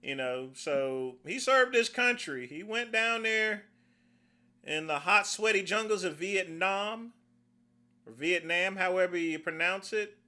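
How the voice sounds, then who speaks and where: A man's voice: high voice, expressive, a little slow, bright, forceful tone. A middle-aged man hosting a casual livestream, rambling in a folksy way and calling his viewers "folks.". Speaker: livestream host.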